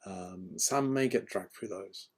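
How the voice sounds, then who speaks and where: A man's voice: deep voice, takes it slowly, husky. A man, an author, chatting casually and rambling with frequent ums and restarts. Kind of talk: casual chat.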